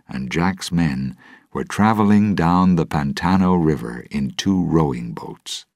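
A man narrating a storybook with a steady, deliberate reading. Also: a bass voice, dry recording, clean studio sound.

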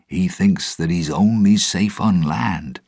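A grave old sailor with fear in his words, as a male narrator plays him. The voice is very deep and husky, slow and dry. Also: no echo, full character voice. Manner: grave, sometimes hushed. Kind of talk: audiobook storytelling.

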